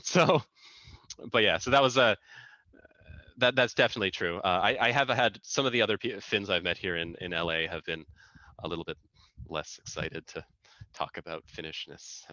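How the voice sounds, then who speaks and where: A man in his thirties talks casually as an interview guest. His voice is low but bright in tone. He circles his points with fillers and restarts. The sound is dry and a little dull, as over a video call. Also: normal speed, pauses often, no room sound. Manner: chatty, many restarts and fillers. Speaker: guest engineer. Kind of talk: casual conversation.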